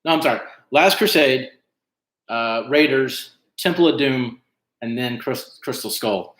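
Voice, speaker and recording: Reading out team names with lots of fillers, a man casually hosts a trivia night livestream in an echoey room. His voice is medium-pitched, expressive and fairly bright, at a slightly slow pace.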